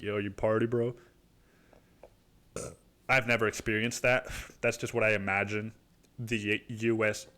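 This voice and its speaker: A man's voice: on the low side, pushed and bright. Rambling, profane male comic storyteller. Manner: rambling, profane, keeps saying dude. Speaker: podcast host. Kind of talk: comedic storytelling.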